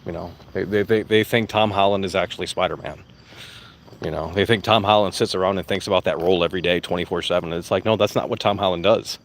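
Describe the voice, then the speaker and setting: Low-voiced man ranting outdoors. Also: steady tone, quick pace, a little hiss or hum. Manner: profane, blunt, repeats himself. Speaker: vlogger. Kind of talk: casual rambling rant. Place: outdoors among plants. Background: faint crickets and insects.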